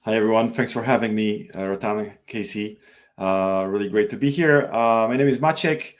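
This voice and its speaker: A man from Poland speaking as a guest in a casual webinar, halting and often repeating words, over a video call. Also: fairly low pitch. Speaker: product manager guest.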